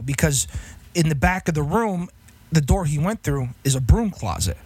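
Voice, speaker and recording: A man's voice: on the high side, expressive, moderate pace, slightly rough. A man co-hosting a podcast in casual chat, rambling with lots of restarts and free swearing. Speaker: podcast co-host.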